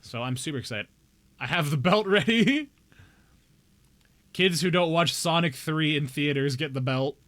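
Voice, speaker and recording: Unhurried and leaving long pauses, a young man with a slightly high, fairly bright voice chats with viewers while streaming a game. He's playful and jokey, speaking directly to chat and feigning outrage now and then.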